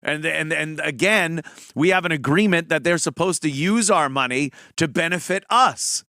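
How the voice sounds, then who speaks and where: A man's voice: on the high side, normal speed, bright, forceful tone, no room sound, clean studio sound. A middle-aged man hosting a show, giving a blunt, profane, mocking opinion monologue in casual talk. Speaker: podcast host.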